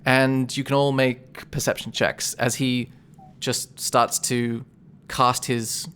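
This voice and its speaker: A man's voice: medium pitch, slow, clear, resonant tone. Man running a tabletop game, chatty. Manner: relaxed, chatty, corrects himself. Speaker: game master.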